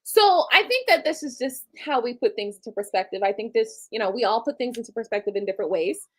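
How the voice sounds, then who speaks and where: A woman in her late thirties talks straight to her live-stream viewers, blunt and candid, dropping curse words without a second thought. Her voice sits a touch higher than most women's. She keeps it loose and conversational, like a personal monologue. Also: lively intonation, quick pace, fairly bright tone. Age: late 30s. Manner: blunt, candid, swears casually. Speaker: livestream host.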